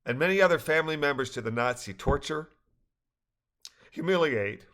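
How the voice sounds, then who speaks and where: An older man reading a personal story aloud, earnest and reflective, with occasional soft laughs. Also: fairly high pitch, animated, moderate pace. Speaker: narrator.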